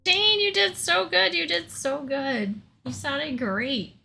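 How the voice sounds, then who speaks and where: A woman's voice: sits high, takes it slowly, creaky, pushed and bright, faint music behind. A woman hosting a karaoke live stream, chatting casually and laughing often.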